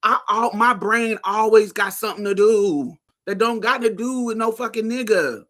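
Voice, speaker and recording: A woman from Indiana hosting a podcast, telling personal stories in a casual, profane, animated way and laughing often. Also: mid-range voice, normal speed. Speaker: podcast host. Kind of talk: casual storytelling monologue.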